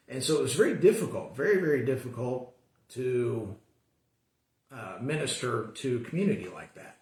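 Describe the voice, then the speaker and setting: A man teaching a Sunday school class, talking casually and earnestly, often restarting his sentences. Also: medium pitch. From American suburbs. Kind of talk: casual Bible class talk. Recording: echoey room.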